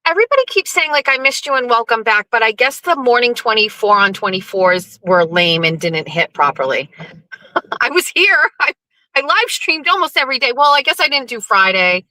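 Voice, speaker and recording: A woman's voice: fairly high pitch, animated, normal speed, sharp tone, no room sound, rough recording. A middle-aged woman hosting a casual livestream from her car, chatty, greeting viewers over and over with rambling asides. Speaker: livestream host. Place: car, driving.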